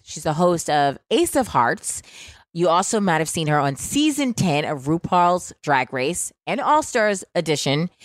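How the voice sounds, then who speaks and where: A woman in her thirties hosts a podcast with a loose, playful and brash manner, swearing freely as she chats. Her voice sits fairly low. The sound is dry and close, with no room around it. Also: a bit bright, no room sound. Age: 30s. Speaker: podcast host. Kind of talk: casual chat.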